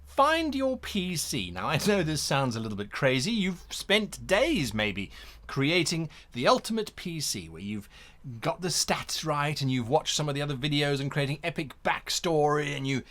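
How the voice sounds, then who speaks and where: A man hosting an instructional talk in an animated way, acting out examples as he goes. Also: fairly high pitch, normal speed. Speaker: host.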